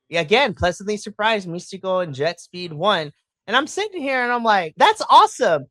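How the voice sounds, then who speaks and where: In a dry recording, a podcast host with a medium-pitched voice recaps a wrestling show in casual chat. They're excitable and profane, acting out their own reactions.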